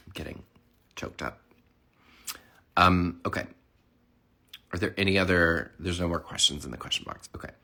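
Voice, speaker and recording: A man in his thirties who is sick and hoarse, chatting casually and rambling through a livestream. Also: sits low, bright, forceful tone. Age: 30s. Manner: rambling, chatty, lots of fillers. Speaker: livestream host.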